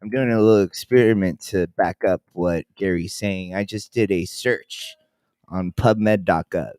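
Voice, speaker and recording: A laid-back male co-host with a fairly low voice, joking his way through casual chat. He often stumbles and restarts mid-sentence, and the sound is close and dry. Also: measured pace, a little mellow, clean tone, no room sound. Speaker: podcast co-host.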